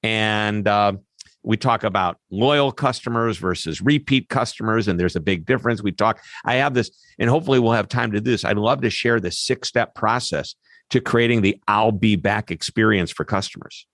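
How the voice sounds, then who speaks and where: Lively man explaining expertly, dry sound. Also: lowish voice, dry recording. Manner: animated, lively explainer with quick asides. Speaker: customer service expert guest. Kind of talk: interview answers.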